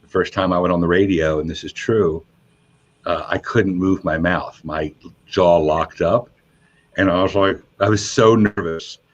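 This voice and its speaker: A man, a radio DJ and guest, telling animated stories in a casual interview and jumping up in pitch when he quotes people. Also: measured pace. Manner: animated storyteller, voices quotes with high pitch jumps. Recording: muffled lo-fi sound.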